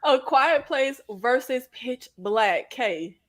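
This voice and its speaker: A woman hosts a casual conversation, her voice sitting a little on the high side. She talks animatedly, with playful exclamations and frequent laughter. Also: lively intonation, slow. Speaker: host. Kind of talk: casual podcast chat.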